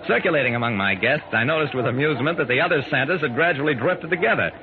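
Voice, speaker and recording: Talking fast and expressively in a medium-pitched voice, a man lightly acts the part of a wry private detective narrating his case, 1940s radio style, dry and amused in the first person. A crowd is audible behind him, and the broadcast sounds tinny and old, with hiss.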